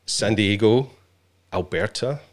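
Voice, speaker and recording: A man's voice: on the low side, slow. A man hosting a live stream, chatting playfully with his guest and greeting viewers. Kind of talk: bantering live stream chat.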